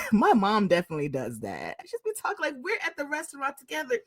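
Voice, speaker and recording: A woman co-hosting a podcast, telling stories in an animated way and laughing often. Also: sits high, fast talker, dry recording. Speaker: podcast co-host. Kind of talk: casual chat.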